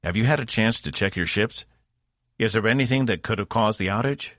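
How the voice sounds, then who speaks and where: A man's voice: on the low side, fairly quick, a bit bright, no room sound, studio quality, voice pushed up, close to an everyday voice. A man voicing an injured male commander who grumbles wryly and reassures his crew, in an audiobook. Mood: reassuring. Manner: wry, grumbling, encouraging. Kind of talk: audiobook character voice.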